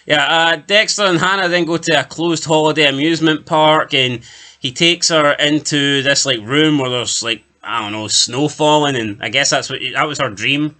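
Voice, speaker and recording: A man's voice: a little high, normal speed, pushed and bright. A man co-hosting a TV review podcast, recapping an episode in casual chat with jokes and asides. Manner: chatty, joking, summarizes plot with asides.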